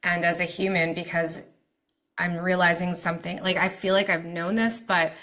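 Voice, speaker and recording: A woman hosts a podcast in a reflective, searching way, thinking aloud as ideas land with her. Her voice sits a little low yet sounds bright and forward. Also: little pitch movement, moderate pace. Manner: warm-hearted, searching, emotional, reflective. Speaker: podcast host. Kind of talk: podcast conversation.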